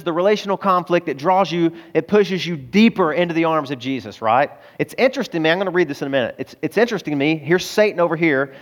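A middle-aged man preaching a sermon as pastor, earnest and emotional, telling stories to his congregation. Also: a little high. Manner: earnest, emotional storytelling, addresses crowd as guys.

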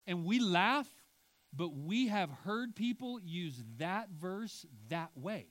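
This middle-aged man's high, fairly bright voice is expressive and slow as he delivers a sermon to his congregation. The pastor speaks casually, wandering into asides and rising to forceful points.

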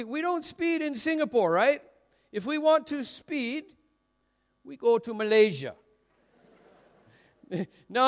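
A middle-aged male pastor giving a humorous sermon, telling stories in a chatty, self-mocking way. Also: sits high. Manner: chatty, self-mocking storytelling with frequent laughs. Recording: long reverb of a large hall.

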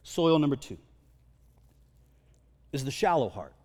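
A man's voice: mid-range voice, big pitch swings, unhurried, darkish tone. A male pastor giving a sermon in a church hall, talking conversationally and often repeating words as he goes.

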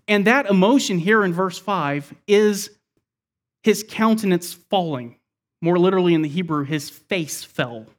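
A man preaching a sermon, working through a scripture passage verse by verse and often dropping his voice low and quiet to close a point. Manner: expository, explains scripture verse by verse. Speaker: pastor.

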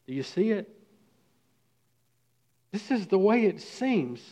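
Preaching man, loud then hushed. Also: high-pitched, big pitch swings, takes it slowly, long pauses, muffled recording. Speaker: pastor. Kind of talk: sermon.

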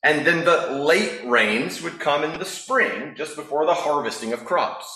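A man preaching a sermon as a pastor in a relaxed, conversational storytelling manner. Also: fairly high pitch, unhurried, echoey room, low-quality recording.

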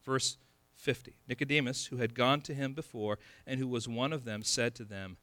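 A man preaching an expository sermon, building to emphatic peaks and dropping low again. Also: fairly even intonation, moderate pace, fairly bright tone, no room sound. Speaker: pastor.

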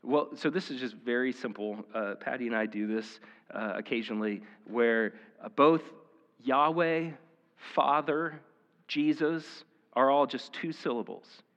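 A man's voice: medium pitch, unhurried, fairly bright tone. A man preaching a conversational sermon as pastor, casual and earnest, with lots of "like" and "uh". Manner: casual, filler-heavy, earnest. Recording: reverberant hall, dull sound.

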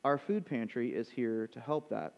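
A man preaching a sermon as pastor, conversational and animated, moving between quick asides and slow, emphatic lines. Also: mid-range voice, vocal fry, long reverb tail, muffled recording.

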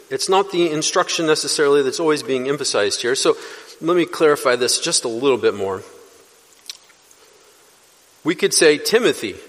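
A man's voice: a little high, a bit bright. A man preaching an expository sermon as pastor, teaching earnestly and lifting his voice to stress key words. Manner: earnest teaching, rising for emphasis. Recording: long reverb of a church hall.

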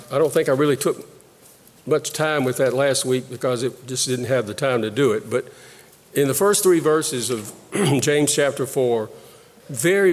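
A man preaching a sermon, slow and deliberate, pausing and repeating phrases as he teaches. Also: mid-range voice, in a large hall. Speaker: pastor.

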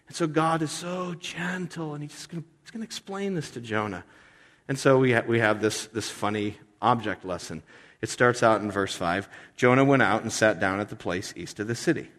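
A man preaching a sermon, lively and animated, acting out voices and mixing in self-deprecating humor. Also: mid-range voice. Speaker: pastor. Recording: long hall reverb.

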